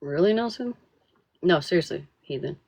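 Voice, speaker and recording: A woman's voice: fairly low pitch, lively intonation, darkish tone, slightly rough, dry recording. A woman hosting a live stream, chatting casually and rambling with lots of swearing. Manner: profane, rambling, quick to laugh.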